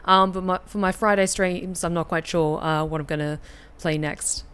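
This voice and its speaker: A chatty woman streamer with a somewhat low voice reads a story game aloud. She talks excitedly, with lots of fillers and asides to her viewers. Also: moderate pace, a little hiss or hum.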